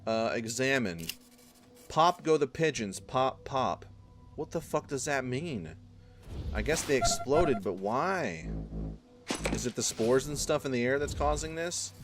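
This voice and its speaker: A man's voice: medium pitch, expressive, a little slow, faint music behind. Profane, joking man playing a game. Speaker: gaming host. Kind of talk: let's play commentary.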